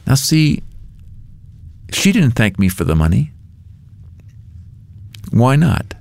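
A man being interviewed as a guest author, telling a story with lively, acted-out dialogue. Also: medium pitch, slow pace, gravelly. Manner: lively storyteller who acts out quoted dialogue.

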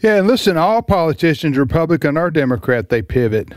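A man's voice: a little high, sing-song, a little fast, no room sound, studio quality. A man co-hosting a political talk radio show, chatting casually and often chiming in with short agreements. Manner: agreeable, frequent short affirmations.

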